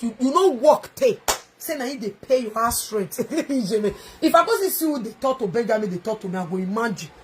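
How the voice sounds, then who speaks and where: Nigerian pidgin lady ranting and taunting, high husky voice, shouts a lot. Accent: Nigerian Pidgin English. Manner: taunting, shouting, mocking sing-song. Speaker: online video ranter. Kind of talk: angry livestream rant.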